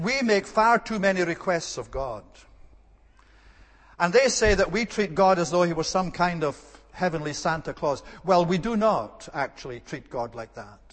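A man's voice: a little high, fairly bright tone, big-room sound. A man preaching an earnest, emphatic sermon and repeating his key words for stress.

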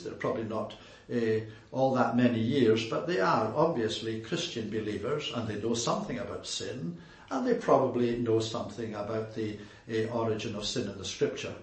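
A man preaching an expository sermon in a deliberate way, pausing often with filler sounds. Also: mid-range voice. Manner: deliberate, with frequent "uh" pauses. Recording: roomy echo.

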